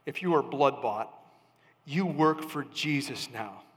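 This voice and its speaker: A man preaching a sermon as a pastor, emphatic, with sudden rises and soft drops. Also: medium pitch, expressive, takes it slowly, long reverb tail.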